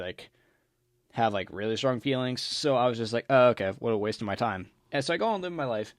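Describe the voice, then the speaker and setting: A young man in the middle of his usual pitch tells a story at a loose, rambling pace, doubling back and acting out what others said. His voice sounds close and dry, with no room echo around it. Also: fairly bright tone. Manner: rambling, full of restarts, mimics others in quotes. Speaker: storyteller vlogger. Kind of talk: casual storytelling while gaming.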